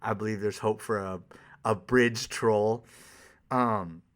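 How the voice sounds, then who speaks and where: A man's voice: lowish voice, steady tone, slow pace. A man who works as a life coach, giving a candid, profane, conversational solo monologue on a podcast.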